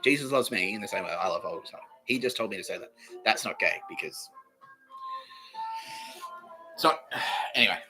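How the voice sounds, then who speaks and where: A man's voice: on the low side, animated, fast talker, music in the background, low-quality recording. A man with an Australian accent hosting a solo comedy podcast, rambling in a profane, boastful way and laughing at his own jokes. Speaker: podcast host.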